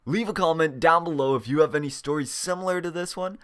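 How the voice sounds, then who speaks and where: A man's voice: a little high, fast, fairly bright tone, smooth. A young man casually telling a storytime, swearing freely and chuckling as he goes. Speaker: channel host.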